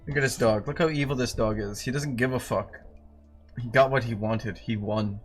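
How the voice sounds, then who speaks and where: A man's voice: mid-range voice, normal speed, soft background music. A man livestreaming in casual chat, who swears freely, teases and scolds his dog in a lifted voice, and laughs often while answering viewers.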